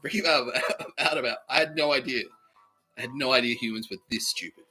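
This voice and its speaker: A man's voice: medium pitch, brisk, bright, forceful tone, husky, faint music behind, poor audio. A man hosting a podcast, rambling through a comedic monologue, laughing often, swearing and acting out quoted exchanges. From Australia. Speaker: podcast host.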